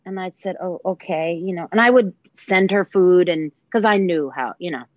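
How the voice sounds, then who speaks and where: A woman in a casual conversation, telling a lively anecdote and quoting others. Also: fairly low pitch, normal speed, no room sound, muffled recording. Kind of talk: casual chat.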